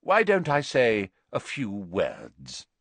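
A man voicing a pompous older male professor with a grave, theatrical, drawn-out delivery. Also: fairly low pitch, wildly swooping pitch, gravelly, dry recording, exaggerated voice.

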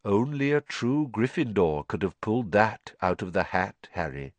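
A man voicing a calm, kindly old headmaster wizard who talks slowly and softly in a storybook reading. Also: lowish voice, no echo. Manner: slow, soft, gentle and thoughtful.

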